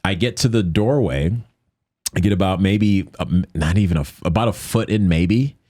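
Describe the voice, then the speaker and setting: A man telling a story as a podcast guest in casual chat, lively and jokey, often acting out what people said. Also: moderate pace, dry recording, clean studio sound. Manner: animated, acts out quoted lines in a higher voice; jokey, conversational with many fillers.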